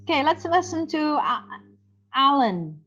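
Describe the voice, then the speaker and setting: A higher-pitched woman teaches an English lesson over a video call, chatty and encouraging. Her voice comes through dull and muffled, with the top end rolled off. She keeps checking that her students are following. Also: very animated, measured pace, sharp tone, faint music behind. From Indonesia. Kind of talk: online class teaching.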